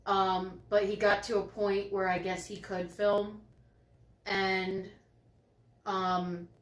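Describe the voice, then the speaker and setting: A woman's voice: little pitch movement, takes it slowly, reverberant. A woman co-hosting a live stream from home, chatting casually and telling bubbly stories. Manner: bubbly, storytelling, voices herself and others with big pitch jumps.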